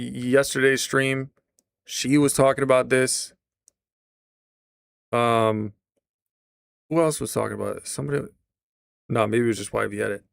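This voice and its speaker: A male streamer reacts live with incredulous, sarcastic asides and the odd curse word. His mid-pitched voice has a gravelly fry, close and dry on the mic. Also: a bit bright, no echo.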